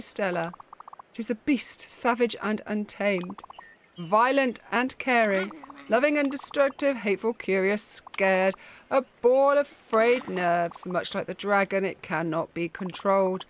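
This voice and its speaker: A woman voicing an old female snake who calmly teaches meditation in a measured, instructive way. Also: mid-range voice, a little hiss or hum, natural voice. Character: old female snake, calm wise mentor.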